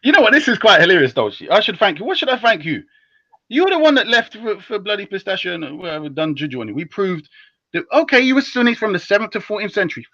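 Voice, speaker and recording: A young man is holding forth on a live stream in slangy, teasing banter, his voice bright and a touch high. He jumps from loud bursts to low asides. The sound is dry and a little dull, like lo-fi stream audio. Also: dry recording. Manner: animated, teasing, slangy, rapid switches between loud and low.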